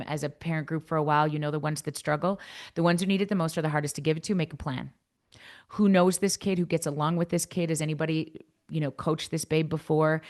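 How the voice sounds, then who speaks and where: Woman, low voice, youth coach, workshop talk, frank and blunt.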